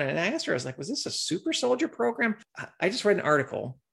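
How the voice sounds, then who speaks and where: A gravelly-voiced man hosting a podcast. He rambles from point to point and stops to read articles aloud, at a middling pitch. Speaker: podcast host. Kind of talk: conspiracy commentary podcast.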